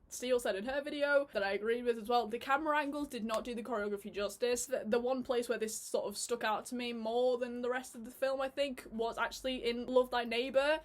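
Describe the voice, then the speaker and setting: Chatty woman reviewing casually. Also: on the high side. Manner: chatty, laughing often, with many fillers and restarts. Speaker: YouTube reviewer.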